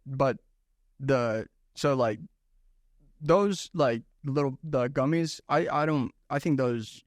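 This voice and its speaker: A man's voice: mid-range voice, dry recording, clean studio sound. A young man co-hosting a casual podcast, telling stories in a laid-back way and calling his friend bro. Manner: laid-back storytelling, says "bro" and "dude". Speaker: podcast co-host. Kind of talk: casual chat.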